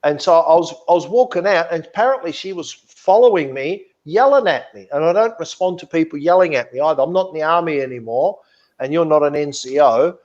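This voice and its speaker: A man's voice: a little high, animated, brisk, a little mellow, dull audio. A man telling a story in casual podcast chat, blunt and indignant, swearing freely. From Australia. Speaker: podcast co-host.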